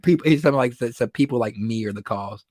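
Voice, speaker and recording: A man hosting a casual livestream, telling stories in an excitable way, laughing often and repeating words when worked up. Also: medium pitch, fast talker, dry recording, studio quality. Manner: animated, excitable storytelling with frequent laughs. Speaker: livestream host.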